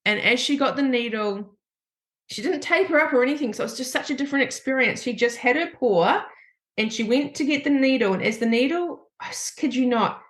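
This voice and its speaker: An Australian woman with a somewhat high voice tells a personal story on her podcast. She talks in a heartfelt, animated way and acts out what everyone said. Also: fairly quick. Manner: emotional, animated retelling with quoted dialogue. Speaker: podcast host.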